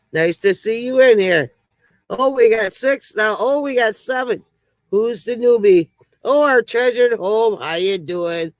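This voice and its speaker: A woman's voice: mid-range voice, dry recording, low-quality recording. A woman hosting a casual livestream, chatting with viewers, greeting them by name and telling corny jokes. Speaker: livestream host.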